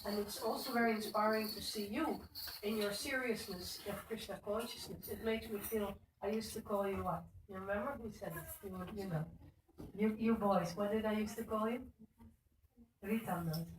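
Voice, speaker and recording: A woman's voice: medium pitch, moderate pace. A middle-aged woman giving an informal devotional talk at a temple and speaking to listeners by name. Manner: conversational, addresses listeners by name. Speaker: speaker at a temple Sunday program. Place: temple hall. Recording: echoey room, speaker far from mic, faint noise.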